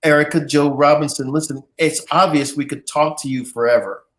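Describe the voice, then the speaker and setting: A man hosts a live interview show, teasing and jovial. His voice sits fairly high for a man, he talks fairly quickly, and he keeps the conversation lively and playful.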